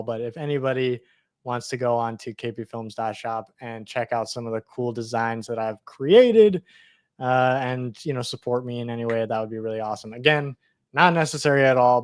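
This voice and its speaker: A man's voice: medium pitch, fairly even intonation, moderate pace, smooth, no echo, clean studio sound. A young man hosting a casual live discussion, earnest and hesitant, often restarting his phrases. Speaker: host.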